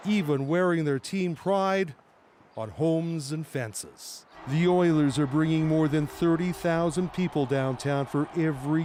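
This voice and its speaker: Male reporter reading a news voiceover, slightly high voice, faint music under it. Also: darkish tone. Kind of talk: scripted news narration.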